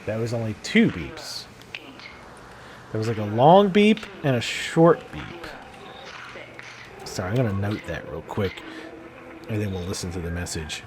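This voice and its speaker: A man's voice: lowish voice, expressive, unhurried, long pauses, noisy background. A man chatting casually as he plays a video game, musing aloud and laughing often. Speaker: gameplay video host. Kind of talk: casual gameplay commentary.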